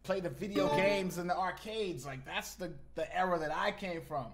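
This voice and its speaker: Animated slangy male streamer. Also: sits high, normal speed, a loud crowd. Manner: animated, slangy, talks to chat. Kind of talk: casual live-stream chat.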